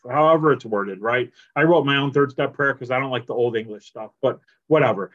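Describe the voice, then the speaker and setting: A man speaking at a recovery meeting in a casual, animated storytelling style, acting out the conversations he tells. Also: medium pitch, a little fast, few pauses. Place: at home on a video call. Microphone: computer mic on a video call. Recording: lo-fi video call audio.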